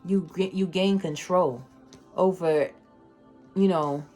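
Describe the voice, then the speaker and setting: Woman tarot reader, low voice, unhurried, emotional and slangy, faint music behind. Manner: emotional, slangy, swings from loud excitement to soft near-whispers. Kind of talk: casual tarot reading monologue.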